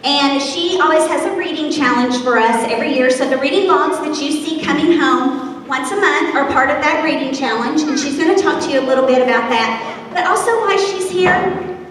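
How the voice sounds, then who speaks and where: A woman's voice: high voice, fairly quick, fairly bright tone. A woman kindergarten teacher, speaking to parents at a school event and leading children in drills. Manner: upbeat, leading children in call-and-response drills. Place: school gathering space. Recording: echoey hall from far off, faint noise.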